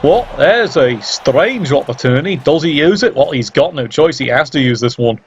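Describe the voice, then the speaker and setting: A man's voice: fairly high pitch, lively intonation, normal speed, muffled recording, slight background noise. A man giving casual play-by-play game commentary, sardonic and teasing, swearing freely.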